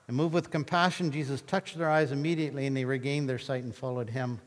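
A man preaching a sermon, telling Bible stories with animated, acted-out retellings of the scenes. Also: medium pitch, quick pace, few pauses, in a large hall. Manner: animated storytelling, acting out scripture scenes. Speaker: pastor.

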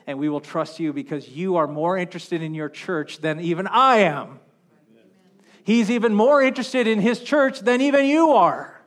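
A man preaching a sermon as pastor on a wireless mic, impassioned, swinging between loud calls and hushed stretches. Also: high-pitched. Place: church sanctuary. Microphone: wireless handheld mic.

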